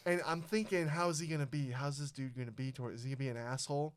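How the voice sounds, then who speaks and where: A young man spins a story on his podcast in a casual, swearing, animated way, acting out the people he quotes. His voice sits a little high for a man and sounds smooth and clear. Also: quick pace, few pauses. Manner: profane, animated storyteller who acts out quotes. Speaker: podcast host.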